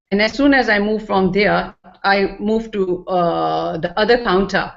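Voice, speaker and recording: A woman's voice: medium pitch, measured pace, vocal fry. A woman sharing a personal experience in earnest, emotional testimony, with non-native English phrasing. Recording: dull lo-fi recording.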